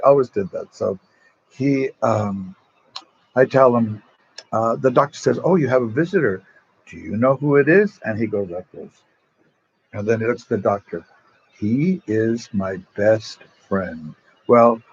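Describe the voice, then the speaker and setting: Lowish with a breathy edge, the voice belongs to an older priest, and the sound is lo-fi. Casually addressing people online, he wanders through warm personal stories and keeps restarting his sentences.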